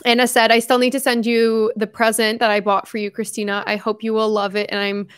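A young woman with a fairly high voice hosts a relaxed livestream from home. She reads viewer messages aloud in a chatty, effusive way, breaking in with quick asides and correcting herself as she goes. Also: smooth. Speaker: livestream host. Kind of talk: casual livestream chat reading viewer messages.

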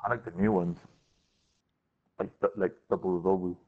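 A man chatting while he games with friends, keeping his remarks short and dry. His voice is husky, low, and mellow, and it sounds dull and lo-fi through the mic. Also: fairly even intonation, moderate pace. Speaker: co-player. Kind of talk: casual gameplay chat.

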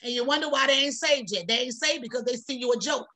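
Fiery high-voiced preaching woman. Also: quick pace, sharp tone. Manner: fiery, folksy preaching with repetition. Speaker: prophetess. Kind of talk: preaching on a prayer broadcast.

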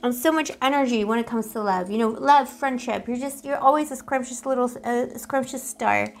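Playful tarot-reading woman, slightly high voice. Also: moderate pace, creaky. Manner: playful, affectionate, rambling with pet names; giggly, self-teasing. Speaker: tarot reader. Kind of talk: casual tarot reading to camera.

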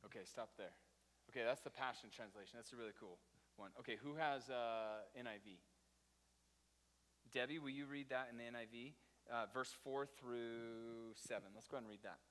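A pastor preaching to his congregation, telling a story with animated turns and frequent restarts. His voice is bright and forceful. It rings in a reverberant hall. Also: medium pitch, moderate pace. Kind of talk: sermon.

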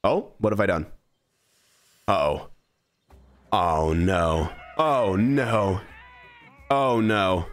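A man's voice: sits low, drawn-out words, pauses often. A young man streaming a game, animatedly bossing his creatures around as he plays. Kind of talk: live gameplay commentary.

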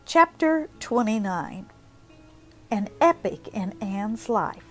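A woman narrating a classic novel as an audiobook, with expressive storytelling. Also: mid-range voice, slow pace, soft background music, poor audio.

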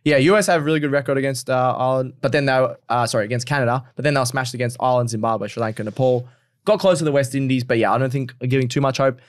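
An Australian man hosting a casual cricket podcast, chatty and quick to laugh, steering the panel from topic to topic. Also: mid-range voice. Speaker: podcast host. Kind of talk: casual sports chat.

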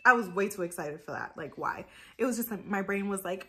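A woman's voice: medium pitch, expressive, fast, very noisy. A woman chatting casually in a cooking vlog, rambling with lots of fillers while she makes food at home. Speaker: vlogger.

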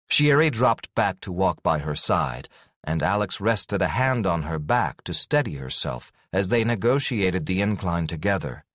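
Male fantasy audiobook narrator, low register, very animated pitch, expressive read, dry close studio sound. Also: no room sound.

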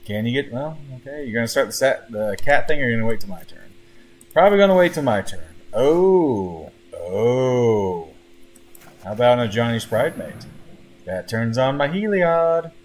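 A man's voice: medium pitch, very animated, moderate pace, slight background noise. Chatty man commentating his card game. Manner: chatty, talks to his opponent as he plays. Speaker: gameplay commentator. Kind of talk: casual live gameplay commentary.

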